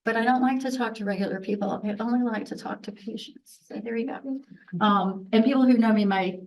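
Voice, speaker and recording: A woman's voice: on the high side, brisk, recorded from a distance, rough recording. A woman of about sixty, a physician, gives a candid, chatty conference talk full of restarts and self-deprecating asides. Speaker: physician presenter.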